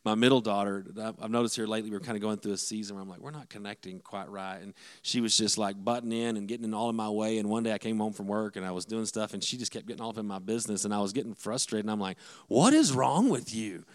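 A man's voice: fairly low pitch, level tone, very fast, few pauses. A middle-aged man, a pastor, giving a conversational sermon-style talk on marriage to the men, with frequent restarts.

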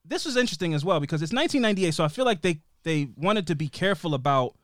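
A young adult man on a podcast, chatting casually through a TV episode with a lively, swooping voice pitched a little high. His rambling, animated storytelling is recorded close and dry. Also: racing, no echo. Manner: animated, rambling storyteller who acts out scenes. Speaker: podcast co-host recapping a TV episode. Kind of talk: casual recap chat.

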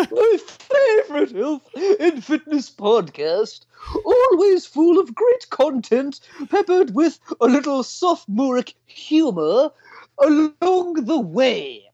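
A man reading a listener review aloud in a put-on English accent, slow and theatrical. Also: very high-pitched, darkish tone, dry recording, muffled recording, pitched above the performer's own voice, exaggerated voice.

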